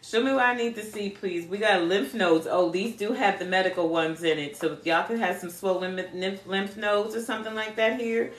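A woman's voice: mid-range voice, moderate pace, few pauses, roomy sound. Blunt laughing woman reading cards. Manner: blunt, profane, laughs a lot; chats with viewers. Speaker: spiritual card reader. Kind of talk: casual live card reading.

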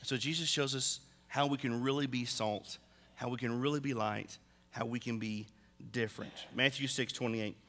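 Inside a large church sanctuary with long reverb, a middle-aged male pastor shares humorous, animated stories in his sermon. His voice is medium-pitched and fairly bright, with fairly even intonation and a moderate pace.

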